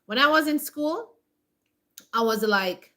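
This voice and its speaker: Her voice high-pitched and bright with lively intonation, a homesteading vlogger motivates her viewers casually and emphatically. She repeats herself, says "like" a lot, and mimics other people's voices in quick asides.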